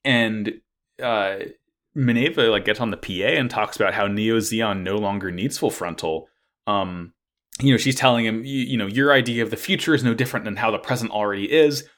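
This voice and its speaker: A man's voice: on the low side, fairly quick, a bit bright. A man recapping a plot in casual chat, rambling with lots of fillers and swearing. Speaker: podcast co-host recapping an anime.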